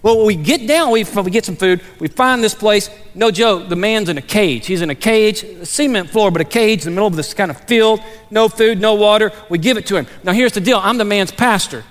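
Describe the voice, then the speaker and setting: A man preaching as a pastor, telling stories in a conversational, animated way with frequent restarts and fillers. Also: sits high, fairly quick, hardly any pauses. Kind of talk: sermon with storytelling. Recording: long hall reverb.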